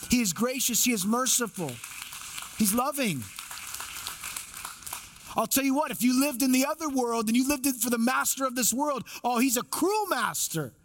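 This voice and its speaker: Male pastor, high voice, emphatic sermon delivery with repetition and rhetorical questions. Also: animated, moderate pace, pauses often. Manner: emphatic preaching with repeated phrases and rhetorical questions.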